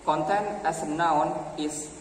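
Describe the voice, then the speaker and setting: Young man, Indonesian accent, student presenter, halting, far from mic, roomy echo. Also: mid-range voice, slight background noise. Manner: slow, halting, with many fillers. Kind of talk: classroom presentation.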